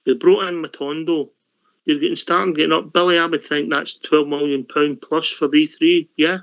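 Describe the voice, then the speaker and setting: A man's voice: a little high, fairly even intonation, normal speed, gravelly, fairly bright tone, no echo. Chatty phone-in host, man. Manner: chatty, blunt, keeps saying "mate". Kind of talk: casual phone-in chat. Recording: dry, dull lo-fi.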